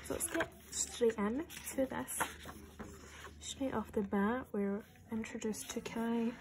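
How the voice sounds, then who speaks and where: A young adult woman vlogger chatting casually and excitedly through an unboxing, nervous and swearing freely. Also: on the high side, slow, noisy background.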